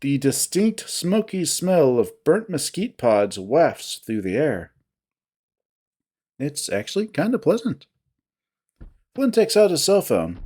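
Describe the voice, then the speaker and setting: A narrator giving steady, descriptive first-person narration of a visual novel. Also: medium pitch, husky.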